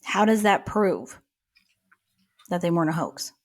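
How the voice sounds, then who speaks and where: A woman's voice: on the low side, lively intonation, unhurried, a little mellow. A woman co-hosting a podcast, narrating and chatting in a dry, wry way. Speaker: podcast co-host. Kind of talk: casual comedic chat and narration.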